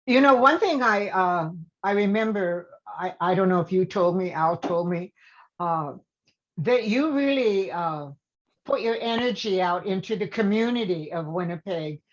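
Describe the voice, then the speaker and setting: A woman's voice: medium pitch, animated, unhurried. A woman hosting an interview, asking questions and encouraging her guest with frequent short affirmations. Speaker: host. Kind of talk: interview chat. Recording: slightly muffled lo-fi audio.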